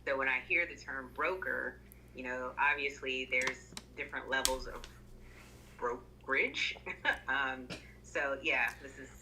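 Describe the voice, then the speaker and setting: A woman's voice: extremely low pitch, steady tone, measured pace, background noise. A woman student asking questions in class in a hesitant way, with many fillers.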